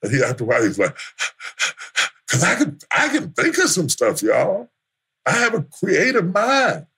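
A man preaching a sermon as pastor, building to shouts through repeated refrains. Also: high-pitched, wildly swooping pitch, normal speed, husky.

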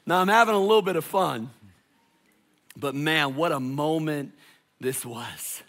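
Slow, bright-toned preaching man, gravelly edge. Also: on the high side. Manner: dramatic preaching, swinging from hushed to loud. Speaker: pastor. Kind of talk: sermon.

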